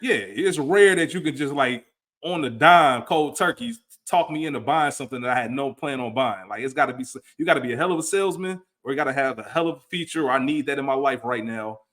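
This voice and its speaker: A man's voice: medium pitch, fairly bright tone. A man co-hosting a podcast in casual chat, emphatic, often acting out what people said to him. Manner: fast, emphatic, acts out quoted people. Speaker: podcast co-host.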